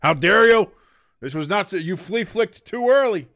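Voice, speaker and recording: A man putting on the voice of a cranky old male quarterback who is shouting and grumbling at a teammate. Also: sits high, animated, a little slow, gravelly, no room sound, pitched above the performer's own voice, exaggerated voice. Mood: angry scolding. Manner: shouting, exasperated, get-off-my-lawn grumbling.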